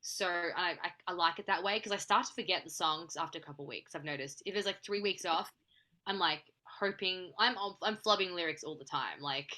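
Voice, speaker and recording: A woman's voice: on the low side, brisk, bright, forceful tone. A young woman from Australia, an actress and singer, chatting casually as a podcast guest and filling her talk with "like" and restarts. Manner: chatty, filler-heavy with frequent "like". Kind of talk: casual interview chat.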